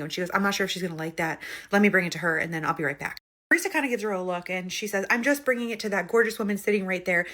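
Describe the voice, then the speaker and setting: A woman tells a spooky story time at a rapid clip. Her voice sits at a middle pitch, and she keeps the quoted lines in her own plain voice. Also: fairly bright tone.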